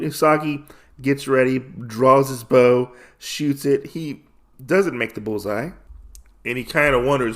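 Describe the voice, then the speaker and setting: A man's voice: medium pitch, measured pace. A man hosting a podcast, casually recapping a comic story with lots of fillers and restarts. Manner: rambling, filler-heavy storytelling. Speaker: podcast host.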